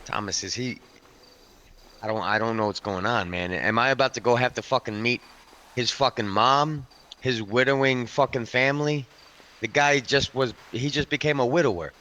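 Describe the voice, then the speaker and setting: A man's voice: mid-range voice, moderate pace, bright, forceful tone, natural voice. A man role-playing a hardened, foul-mouthed biker club enforcer, rambling through a story and calling the listener by name. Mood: tense storytelling. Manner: keeps addressing the listener by name. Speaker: roleplay character telling a story. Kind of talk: improvised game role-play storytelling.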